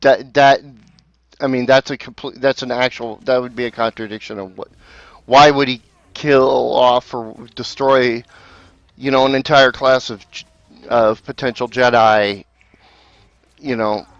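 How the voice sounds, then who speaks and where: A man talking through a casual podcast, breaking down story details and often restarting his sentences as he argues a point. His voice sits at a middle pitch. The recording is dry and a little muffled, as if from a lo-fi microphone. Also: fairly even intonation, measured pace, clear, resonant tone, dry recording. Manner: analytical, talks in restarts and self-corrections. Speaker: podcast co-host.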